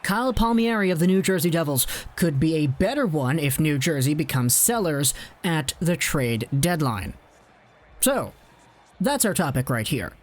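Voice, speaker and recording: A young man runs through his takes on his own in a chatty, opinionated way, now and then dry and sarcastic. His voice sits a little higher than most men's. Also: big pitch swings, moderate pace. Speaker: hockey video host. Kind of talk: solo commentary video.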